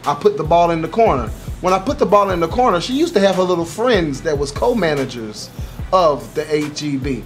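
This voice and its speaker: A young man with a high voice tells a comic story for his vlog, animated and profane. He exaggerates everything and swears freely. Faint music sits under his webcam recording. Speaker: YouTuber.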